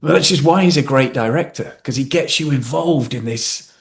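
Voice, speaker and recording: A man in his forties chats as a guest on a podcast. He tells his stories in an animated way, laughing often and slipping into voices. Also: fairly high pitch, normal speed, vocal fry. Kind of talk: casual chat.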